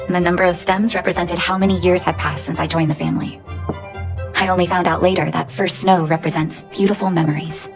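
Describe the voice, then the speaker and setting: An actress voicing a gentle young woman in a game cutscene, speaking softly and reflectively with sighs. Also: on the low side, fairly even intonation, brisk, lightly acted. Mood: wistful. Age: young adult. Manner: soft, reflective, sighing. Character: gentle grown-up orphan woman, heartfelt. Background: game music.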